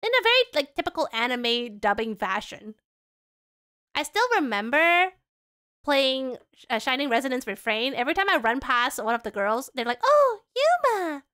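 A woman streamer chatting casually and excitably while playing a game. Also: a little high, normal speed, clean tone.

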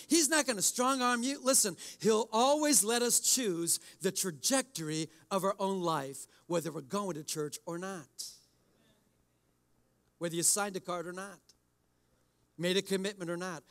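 A man's voice: sits high, fairly bright tone. A man preaching a sermon as pastor in a church service, exhorting in a conversational way and addressing the congregation directly.

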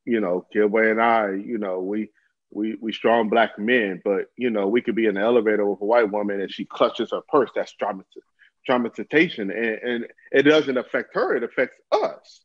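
A man's voice: fairly low pitch, moderate pace, no echo. A man co-hosting a casual talk show, speaking earnestly and with emphasis. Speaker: co-host. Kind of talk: casual chat. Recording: dull lo-fi sound.

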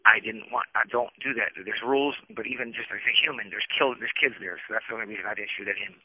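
A man talks quickly over a thin, tinny prison phone line, and his voice sounds dry and close. He tells his story candidly, rambling, restarting often and slipping into the voices of the people he quotes. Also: fairly low pitch, breathy edge, dry recording. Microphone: telephone.

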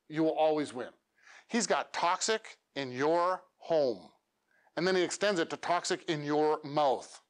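A man coaching a meetup audience on pitches, animated and demonstrating lines with dramatic pauses. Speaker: speaker coaching elevator pitches. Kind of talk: workshop coaching talk. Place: meetup room.

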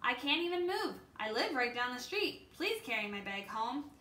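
Eager young boy, woman reading the part, high and bright, echoey room. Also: big pitch swings, moderate pace, heavily acted. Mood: pleading. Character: young boy who loves scaring people.

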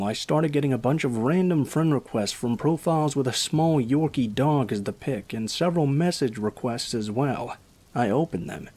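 A man narrating a first-person horror story in a steady, scripted reading voice. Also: mid-range voice.

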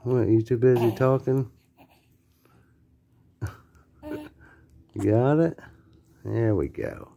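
A father in gentle, coaxing, sing-song baby talk with his infant. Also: mid-range voice, drawn-out words, gravelly, long pauses.

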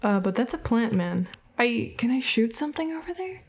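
A woman giving let's play commentary on a game, reacting out loud, swearing and laughing often, and yelping when startled. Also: on the high side, sing-song, moderate pace, slightly rough. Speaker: gaming video creator.

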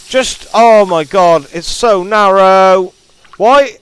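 Brief: man, horror let's-play host, lively pitch, slow, sweary and jumpy. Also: slight background noise. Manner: jittery, swearing, frightened outbursts and mutters. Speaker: gaming YouTuber.

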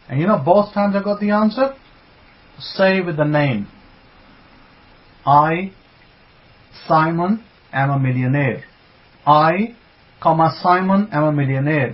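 A man from England, a rabbi giving a conversational religious teaching talk, repeating his points with emphasis. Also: a little high. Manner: repetitive and emphatic, conversational asides. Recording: dull lo-fi recording.

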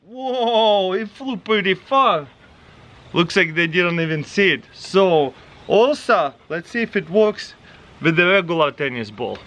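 Russian-accented man, lively, high-pitched. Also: a little slow. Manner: excited, calls out to his dog in a high sing-song voice. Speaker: vlogger testing a pet toy. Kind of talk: casual vlog. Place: outdoors with dogs.

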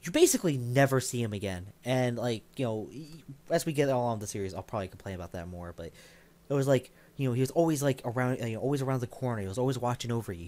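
A man's voice: mid-range voice, darkish tone. A young man casually commenting while playing a game, rambling and enthusiastic with lots of fillers. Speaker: gameplay commentator. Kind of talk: casual let's play commentary.

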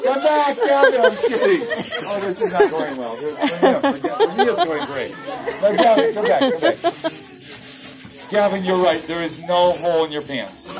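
Woman party clown, teasing and giggly, voice swooping up and down, loud kids' crowd all around. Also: high voice, sing-song, normal speed. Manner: playful, teasing, laughing often. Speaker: party clown entertaining children. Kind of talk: comic children's party act. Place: children's birthday party. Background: shouting children.

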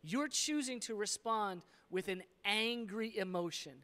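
A man's voice: high-pitched, a little slow, pushed and bright. Plain-spoken man pastor. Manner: plain-spoken and frank, with fillers. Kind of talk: conversational sermon.

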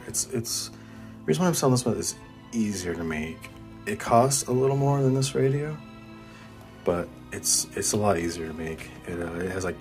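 A man who builds and sells spirit boxes. He talks in a casual, rambling way, with many restarts and excited laughs. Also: low-pitched. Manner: casual and rambling, often hesitant. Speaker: paranormal investigator and spirit box maker. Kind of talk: casual vlog with a spirit box session. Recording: music playing loud in the background.

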